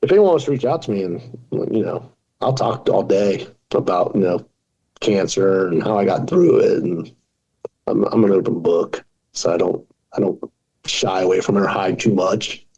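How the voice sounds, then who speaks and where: A man's voice: low-pitched, normal speed, vocal fry, warm tone, breathy edge, highs cut off. A man in his forties, a podcast guest, talking casually and telling self-deprecating jokes. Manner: joking, self-deprecating storyteller. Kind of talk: casual interview talk.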